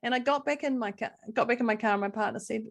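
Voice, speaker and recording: A middle-aged woman, co-hosting a podcast in casual chat, a lively storyteller who laughs often. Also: on the high side, fast. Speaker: podcast co-host.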